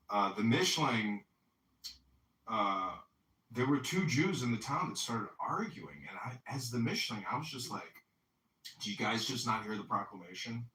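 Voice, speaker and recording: A man telling a long rambling story in a casual chat, swearing freely as he goes. His voice is very bright and cutting, and it sounds distant and echoey, caught from well off the mic. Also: medium pitch. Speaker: podcast host. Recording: echoey audio from far off the mic.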